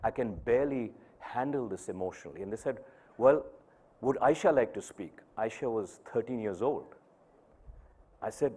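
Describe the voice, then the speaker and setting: A man's voice: medium pitch, lively intonation, moderate pace, mellow, slightly rough. Middle-aged man, inspirational speaker, storytelling with acted-out dialogue. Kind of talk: inspirational talk. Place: conference hall stage.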